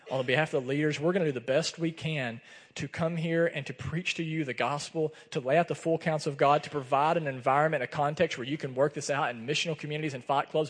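A man preaching a sermon as pastor, earnest and conversational, telling personal stories. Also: fairly high pitch. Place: church sanctuary. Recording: long reverb of a church hall.

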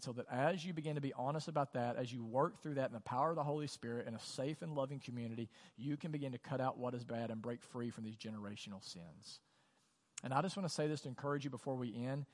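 Pastor preaching in a reverberant hall. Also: male voice, medium pitch. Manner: conversational, rhetorical questions, softens to quiet earnest tones. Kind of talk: sermon. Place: church auditorium. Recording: long reverb of a large hall.

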